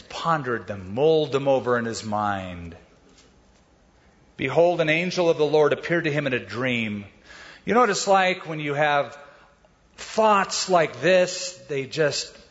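A middle-aged male pastor giving a sermon, telling stories in a conversational way and speeding up and slowing down as he goes. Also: on the high side, a bit bright. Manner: conversational storytelling, varies pace. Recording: dull sound with long hall reverb.

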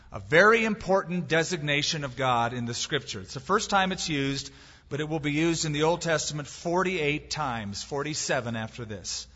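Male preacher, fairly high and forceful voice, emphatic sermon delivery, muffled recording. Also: slightly rough. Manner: emphatic preaching with rhetorical questions and dry humor. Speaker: pastor. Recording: dull sound with long hall reverb.

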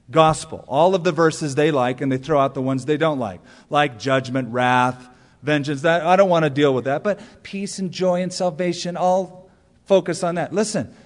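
Preaching man in a reverberant space. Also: on the high side. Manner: storytelling preacher, rhetorical questions, emphatic punch lines. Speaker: pastor. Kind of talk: sermon.

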